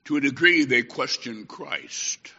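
A man preaching a sermon, swinging from shouted exhortation to hushed storytelling as a traveling preacher. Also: mid-range voice, animated, a little slow, vocal fry, breathy edge. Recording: echoey hall, dull lo-fi sound.

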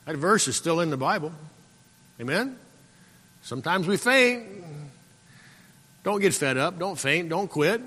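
A man preaching a sermon as pastor, exhorting and repeating himself, often clearing his throat and calling out for an amen. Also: fairly high pitch, animated, a little slow, long pauses, pushed and bright. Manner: repetitive, exhorting, calls out "Amen?". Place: church sanctuary. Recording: long church-hall reverb.

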